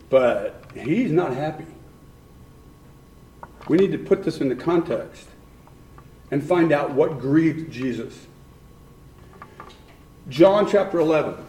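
A man's voice: a little high, a little mellow. A man preaching a sermon who keeps questioning his congregation and repeats points for emphasis. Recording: echoey room.

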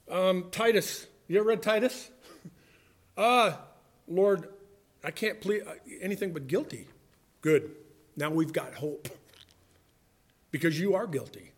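A male pastor preaching a sermon, acting out courtroom exchanges and moving between loud bursts and quiet asides. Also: high-pitched.

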